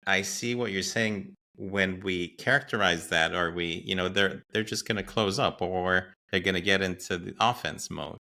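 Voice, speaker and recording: A male podcast host with a very deep voice and a bright, forceful edge to it. He mostly listens with short affirming sounds, then sums up the guest's point in his own words. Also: steady tone, normal speed, hardly any pauses. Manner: brief affirming backchannels. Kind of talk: conversational interview.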